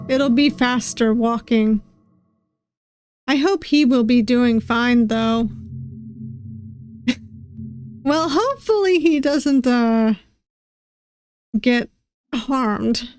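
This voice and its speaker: A woman streaming a story game, reading its dialogue aloud and musing softly between lines. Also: on the high side. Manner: musing, reads lines slowly with soft asides. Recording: game music playing behind voice.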